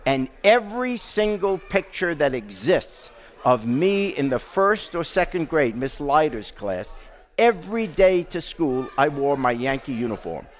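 A man's voice: fairly high pitch, very animated, measured pace. An older man from England, hosting a podcast and telling a story in casual chat, with dry jokes. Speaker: podcast host.

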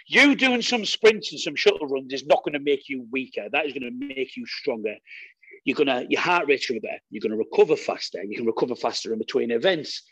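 A man talking as a podcast guest in an energetic, blunt and sweary way. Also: mid-range voice, breathy edge, dry recording, poor audio. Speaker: guest strongman athlete. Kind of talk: casual podcast chat.

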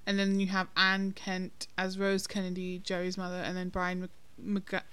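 A woman's voice: on the low side, monotone, moderate pace, a bit bright, clean tone. A woman co-hosting a casual film-review podcast, talking in a chatty, hesitant way with many ums and restarts. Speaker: podcast co-host.

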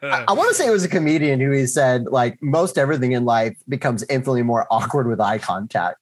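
A man co-hosting a podcast in casual chat, teasing and wry, with a husky voice. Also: medium pitch, animated, fast, slight background noise. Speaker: podcast co-host.

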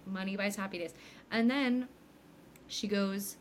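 A young woman co-hosting a podcast recaps an episode in casual chat, animatedly acting out the characters' lines. Her mid-range voice is a little slow, with slight background noise.

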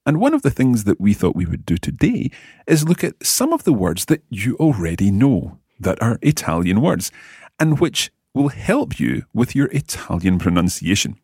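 A man's voice: lowish voice, sing-song, normal speed, a little mellow, slightly rough, no room sound, clean studio sound. A man hosting a language-lesson podcast as the teacher, with an enthusiastic, teacherly delivery.

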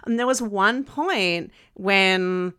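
A woman co-hosting a podcast, telling stories in a chatty, animated way. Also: medium pitch, extremely slow, smooth, no echo, studio quality. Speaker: podcast co-host. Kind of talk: casual chat.

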